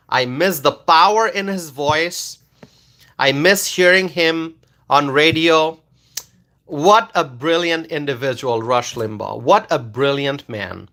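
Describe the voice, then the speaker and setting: A man's voice: a little high, bright, forceful tone. A man hosting a casual political commentary live stream, repeating his points with emphasis and reading viewer comments aloud.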